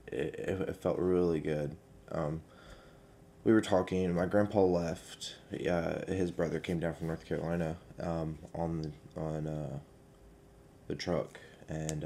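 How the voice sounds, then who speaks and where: A young man, telling a personal story in a casual vlog, hesitant and halting with many fillers. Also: sits low, creaky, mellow, slight background noise. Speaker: vlogger.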